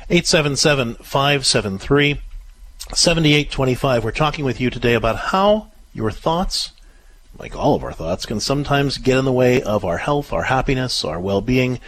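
Husky-voiced man hosting an advice show. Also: medium pitch, big pitch swings, normal speed, no echo. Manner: gentle, reassuring, often drops softer at phrase ends. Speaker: radio show host and counselor.

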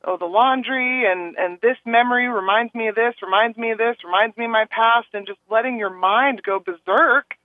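A woman calling into a radio show, talking earnestly and rambling a little, acting out other people's words in animated asides. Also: fairly high pitch, normal speed, hardly any pauses, no echo. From Texas. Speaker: caller. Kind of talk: call-in radio chat. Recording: tinny phone line.

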